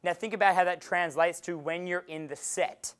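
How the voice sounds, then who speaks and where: Australian male coach, high voice, animated, profane seminar delivery, acts out dialogue. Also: normal speed, smooth. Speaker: dating coach giving a seminar. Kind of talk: live seminar talk. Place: seminar room with an audience.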